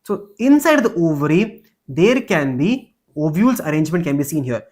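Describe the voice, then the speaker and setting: A man's voice: fairly high pitch, big pitch swings, normal speed, a little mellow. A man, teaching an online exam-prep biology lecture, repeating key terms and calling out to students. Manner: repetitive, keeps addressing students, builds mnemonics.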